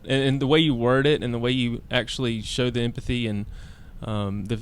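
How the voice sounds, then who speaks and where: A man's voice: mid-range voice, steady tone, clean tone. A man in his thirties, a podcast co-host, talking in casual chat and searching for words with frequent restarts. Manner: halting, searching for words with many restarts and fillers.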